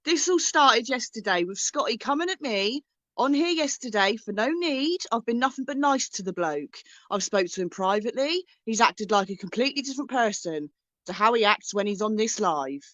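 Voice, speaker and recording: A woman's voice: on the high side, expressive, normal speed, fairly bright tone, dry recording. A woman guest on a livestream, insistent and accusing as she argues her side. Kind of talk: heated livestream argument. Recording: dry muffled lo-fi stream audio.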